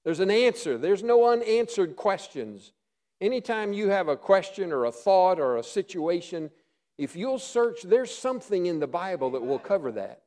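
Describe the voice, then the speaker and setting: Earnest high-voiced preacher man. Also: big pitch swings, normal speed. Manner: earnest, dropping to hushed tones for emphasis. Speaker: pastor. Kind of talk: sermon.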